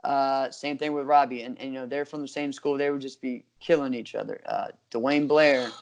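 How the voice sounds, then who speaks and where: A man's voice: medium pitch, steady tone, moderate pace. A middle-aged man co-hosting a martial arts podcast, talking in an easygoing, nostalgic way. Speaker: podcast co-host. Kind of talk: casual chat.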